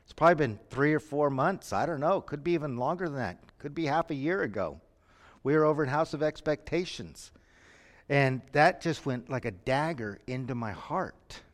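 A man preaching a sermon, moving between quiet lines and sudden shouts. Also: fairly high pitch, animated, moderate pace. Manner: dramatic, shifts from quiet to shouting. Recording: long reverb from a hall.

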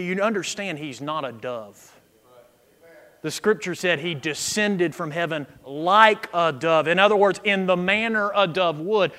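A man preaching a sermon, swinging from quiet asides to loud, emphatic scripture reading. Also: fairly high pitch. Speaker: pastor. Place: church sanctuary. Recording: echo with long reverb in a church.

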